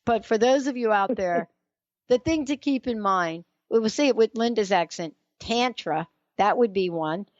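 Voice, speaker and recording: A woman's voice: mid-range voice, moderate pace, no echo, lo-fi sound. Chatty New York woman hosting radio. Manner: enthusiastic, chatty, laughs easily. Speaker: radio show host. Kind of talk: talk radio interview.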